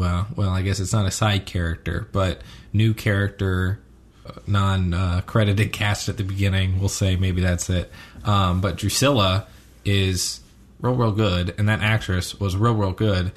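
A man with a fairly low voice chats casually as a podcast co-host, picking apart a TV episode. He rambles along, stopping for ums and correcting himself as he goes. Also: fairly even intonation, measured pace. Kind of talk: casual chat reviewing a TV episode.

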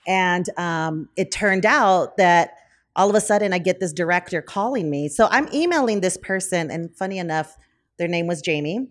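A woman being interviewed, telling a story casually, full of fillers and self-corrections, and acting out the quoted dialogue in raised voices. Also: moderate pace. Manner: lively, acts out quoted dialogue in higher voices. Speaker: brewery owner, podcast guest.

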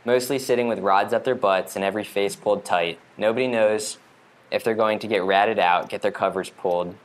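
A man's voice: fairly low pitch, steady tone, a little fast. A man performing a first-person monologue in a wry, rambling, conversational way. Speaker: storyteller.

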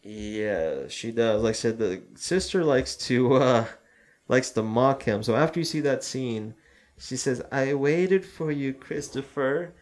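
A man's voice: medium pitch, animated, measured pace, darkish tone. A man co-hosting a casual film talk, retelling a horror movie scene by scene and acting out its lines. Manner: loose retelling, acts out quoted lines. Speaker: podcast co-host.

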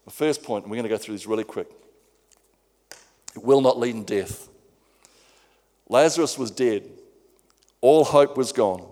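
A man's voice: mid-range voice, measured pace, long pauses, darkish tone. A male preacher giving a sermon in an earnest way, often repeating words as he goes. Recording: long hall reverb.

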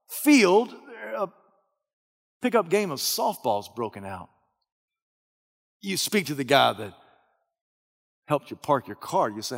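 High, gravelly, animated preacher. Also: male voice, in a large hall. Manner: storytelling in the second person, swinging from hushed to shouting. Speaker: pastor. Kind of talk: sermon.

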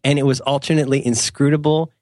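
A man's voice: medium pitch, fairly even intonation, fast, a little mellow, no echo. Rambling, joking man in dry sound. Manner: rambling, self-mocking, playful mock-formal asides. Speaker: podcast co-host. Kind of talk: casual chat.

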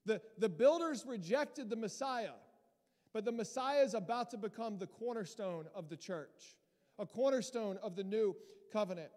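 A man preaching a sermon as pastor, lively and emphatic, rising to loud peaks as he presses his points to the congregation. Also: high-pitched, normal speed. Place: church hall. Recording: long hall reverb.

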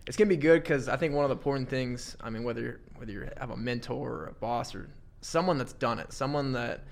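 A man's voice: mid-range voice, quick pace, gravelly. A man talking as a podcast guest, earnest and upbeat, often repeating words as he goes. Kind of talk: casual chat.

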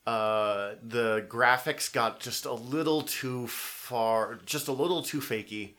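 A man co-hosting a relaxed chat about superhero shows, his voice sitting at an ordinary middle pitch. He rambles, restarts his sentences, and slips into quick quoted lines as he talks. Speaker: podcast co-host.

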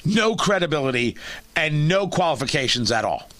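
A man's voice: a little high, very animated, normal speed, a bit bright, no echo. A man hosting a talk radio show, giving sarcastic, emphatic opinion and often repeating and restarting his phrases.

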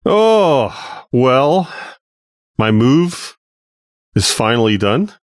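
A man's voice: medium pitch, very animated, drawn-out words, no room sound. A man co-hosting a podcast, chatting casually and easygoing, with dry jokes. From Canada. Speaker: podcast co-host. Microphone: home studio mic.

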